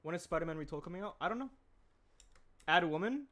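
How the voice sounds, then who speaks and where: A young man chatting casually on a livestream while he animates, rambling and reading chat aloud, clearing a throat that keeps tickling. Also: fairly high pitch, expressive, fast talker, a bit bright. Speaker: animator streaming his work.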